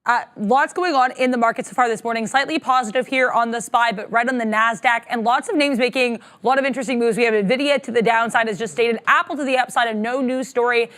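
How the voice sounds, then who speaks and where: A woman reading out a quick market news update, her voice fairly high and very fast. She sounds distant, as if further from the mic than the hosts. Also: a bit bright. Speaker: news reporter.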